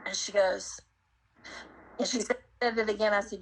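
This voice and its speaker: A woman's voice: mid-range voice, fairly even intonation, normal speed, pauses often, husky, low-quality recording. Earnest woman telling her testimony. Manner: earnest, reflective storytelling with many fillers. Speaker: guest sharing her testimony. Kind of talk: personal testimony interview.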